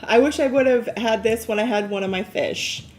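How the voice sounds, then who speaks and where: A woman co-hosting a live crystal show, telling stories in animated casual chat. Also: a little high, moderate pace, slight background noise. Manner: animated storyteller, laughs often.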